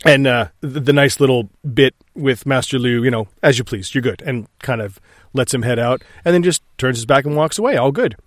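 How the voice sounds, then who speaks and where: A man co-hosting a casual film discussion, animated and quick to act out lines from scenes. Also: mid-range voice, no echo, clean studio sound. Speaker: podcast co-host.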